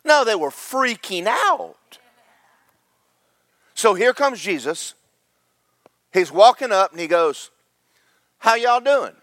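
A man's voice: high-pitched, expressive, slow, pauses often, a bit bright, no echo. A man preaching a sermon, telling Bible stories in a folksy, joking way with voices for the characters. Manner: folksy storytelling with comic voices.

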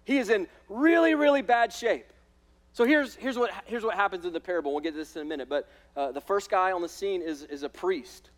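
High-voiced pastor preaching emphatically. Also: male voice, a little fast. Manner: emphatic, repeats words, says "listen" and "right?" often. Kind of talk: sermon. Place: church in front of a congregation.

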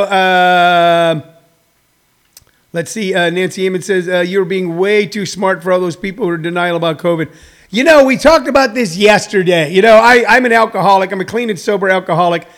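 High-voiced rambling comedian man. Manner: rambling, many fillers and restarts. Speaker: stand-up comedian. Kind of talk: casual livestream monologue to viewers.

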